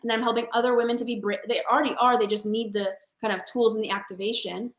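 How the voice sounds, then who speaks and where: Woman, motivational coach, emphatic, fairly high pitch, echoey room. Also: fairly even intonation, fast. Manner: passionate, emphatic, calls listeners honey. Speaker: sales coach for women, guest. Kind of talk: motivational interview talk.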